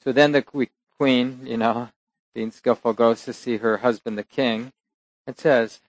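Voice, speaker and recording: A man giving a relaxed dharma talk, telling a teaching story with soft asides and small laughs. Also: mid-range voice, a little slow, no echo, low-quality recording.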